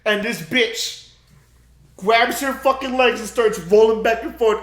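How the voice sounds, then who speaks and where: A young man co-hosting a podcast, retelling a movie plot in loud, profane, animated bursts and acting out screams. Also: very high-pitched, takes it slowly, reverberant. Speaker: podcast co-host.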